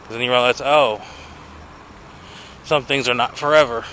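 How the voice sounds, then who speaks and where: A man's voice: mid-range voice, steady tone, normal speed, fairly bright tone, a little hiss or hum, low-quality recording. A young man ranting to his camera outdoors, profane and agitated, filmed on a handheld phone. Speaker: vlogger. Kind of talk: casual rant to camera.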